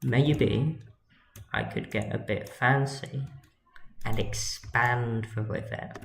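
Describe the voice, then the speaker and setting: Slow, rambling man, echoey room. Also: medium pitch, gravelly. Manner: rambling, jokey, mutters while he works. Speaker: livestreaming 3D modeller. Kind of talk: casual livestream commentary while working. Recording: echoey room with faint noise. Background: keyboard and mouse clicks.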